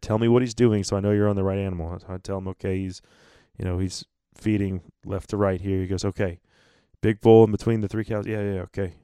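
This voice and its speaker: A man hosting a podcast, telling a hunting story in a lively way, acting out what others said and laughing often. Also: fairly low pitch, smooth, no echo, clean studio sound. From North America. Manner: animated storyteller, acts out quotes, laughs often. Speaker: podcast host.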